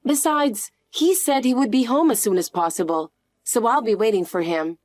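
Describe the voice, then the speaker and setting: A synthetic woman's voice narrating a story and speaking as the wronged daughter-in-law, in an even, flat delivery. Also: a little high, normal speed, dry recording, clean studio sound.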